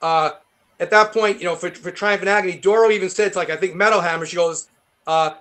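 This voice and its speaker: A man with a heavy New York accent, a guest guitarist rambling through animated stories in a casual interview. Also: sits high, fast. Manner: rambling, animated storytelling with many fillers.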